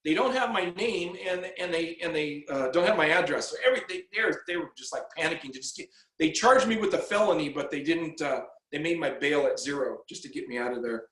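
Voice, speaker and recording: A man with a fairly high voice tells a long personal story in loose, casual talk. He stumbles and repeats words and acts out the back-and-forth he recounts. The room around him rings with echo. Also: fairly quick, fairly bright tone. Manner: rambling, repeats words, acts out quoted exchanges. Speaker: guest telling his story.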